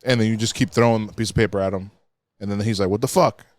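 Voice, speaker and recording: A young man chatting on a podcast, telling an animated, swear-filled story and acting out the other people's lines. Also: on the low side, quick pace, dry recording. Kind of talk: casual podcast chat. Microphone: studio mic.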